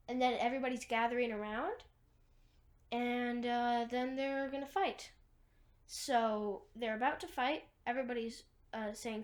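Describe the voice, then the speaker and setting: A woman's voice: a little high, fairly even intonation, a little slow. A woman casually retelling a movie's plot, rambling with lots of fillers and restarts. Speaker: movie recapper.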